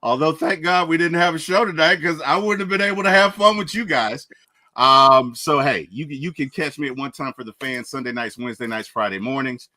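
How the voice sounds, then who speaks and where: A man's voice: a little high, a little fast, pushed and bright, no echo, poor audio. A man, a sports podcast host chatting and laughing animatedly. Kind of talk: casual chat.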